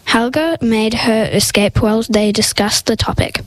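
A woman reads a story aloud in a slightly high voice. She goes carefully through the narration. Now and then she trips over a word and corrects herself without fuss. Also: moderate pace, no room sound, rough recording. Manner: reads carefully, with small stumbles and self-corrections. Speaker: story reader.

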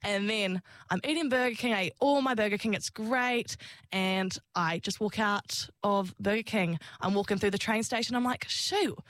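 In a relaxed interview, a young female singer and actor laughs frequently while acting out what she used to say. Her mid-range voice is fairly bright and moderately paced, and the recording is dry.

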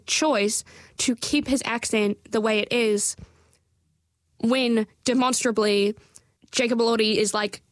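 A woman's voice: a little high, no room sound. A woman giving a casual, chatty film review, full of fillers, restarts and wry asides.

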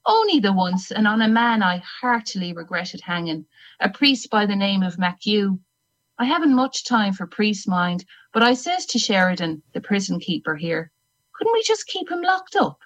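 A woman reading aloud in the first person as an older female public executioner, in a slow, measured telling with a hard edge. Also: mid-range voice, big pitch swings, a bit bright, rough recording. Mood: wry. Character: older woman hangman, grim, unrepentant and secretive.

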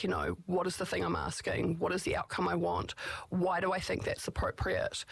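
Reflective advice-giver, rough gravelly tone with a breathy edge, rambling and candid. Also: medium pitch, a bit bright. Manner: candid, reflective, speaks in rambling run-on phrases. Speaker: speaker giving self-advocacy tips. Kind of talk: casual advice talk.

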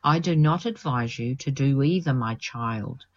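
The reader voicing a gentle, fatherly old monk who speaks softly and reassuringly, in a lo-fi recording. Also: medium pitch, measured pace. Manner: gentle, soft-spoken reassurance. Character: gentle elderly monk saint, fatherly and calm.

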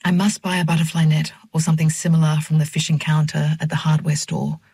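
Husky-voiced woman reading a novel. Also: low-pitched, completely flat delivery, darkish tone, no room sound. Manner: measured, reflective reading. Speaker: audiobook narrator. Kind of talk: first-person literary narration.

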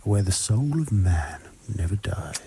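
A man's voice: sits low, very animated, unhurried, vocal fry, crowd noise. A man co-hosting a music radio show, chatting and teasing his partner in a dry way. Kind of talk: casual chat.

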